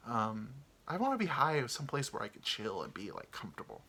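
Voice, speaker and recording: A man's voice: mid-range voice, huge pitch swings, a little fast, sharp tone, husky. A man hosting a podcast, telling a comic story in a rambling, profane way with lots of fillers. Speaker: podcast host. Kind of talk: casual comedic storytelling.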